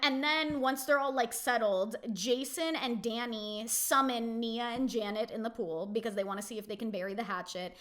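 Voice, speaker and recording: A woman's voice: fairly high pitch, moderate pace, few pauses, a bit bright. A young woman hosting a casual reality TV recap, chatty and opinionated, peppering her talk with "like". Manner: chatty, opinionated, heavy use of "like".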